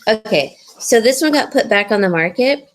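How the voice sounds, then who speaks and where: A woman's voice: on the high side, animated, normal speed. A woman hosting a live jewelry sale, chatting casually and giggling, rambling with fillers. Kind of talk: casual live-stream sales chat.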